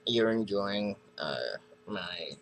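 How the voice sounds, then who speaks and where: A man's voice: on the low side, takes it slowly, slight background noise, low-quality recording. A man casually reviewing a comic book, retelling the story in a rambling, hesitant way.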